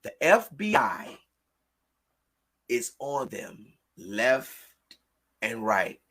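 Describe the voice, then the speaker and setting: A woman hosting a livestream, talking in a fiery preaching way, repeating phrases and shouting in outrage. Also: extremely low pitch, sing-song, extremely slow, husky. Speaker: livestream host. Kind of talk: impassioned livestream talk.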